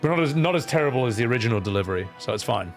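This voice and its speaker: A man's voice: medium pitch, animated, racing, soft background music. Joking male game streamer. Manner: sarcastic, joking asides. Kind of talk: gameplay commentary.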